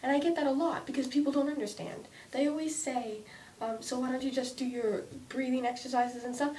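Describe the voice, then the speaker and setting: An anxious young woman rants into her camera, stumbling over her words and starting sentences again. Her voice sits a little high. She sounds set back from the mic, with a faint low rumble in the background. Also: fairly even intonation, warm tone, far from the mic, rough recording. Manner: halting, restarts often, many "like"s. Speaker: vlogger. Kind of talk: emotional personal vlog rant.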